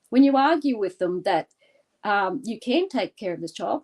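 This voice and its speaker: Guesting in an interview, a woman from Australia leads a guided visualization. Her voice is slightly high, expressive and a little mellow. She narrates vividly, with deliberate intensity.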